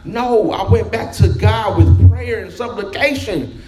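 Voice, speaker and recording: High-voiced preacher man, echoey church. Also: unhurried. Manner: folksy, conversational preaching with quoted voices and humor. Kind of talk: sermon. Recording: echoey room with background music.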